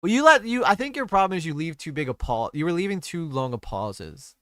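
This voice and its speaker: A man's voice: a little high, sing-song, a little fast, fairly bright tone, dry recording, studio quality. Crude, rambling young male streamer. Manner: crude, rambling, trails off often. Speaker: streamer host. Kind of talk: casual stream chat.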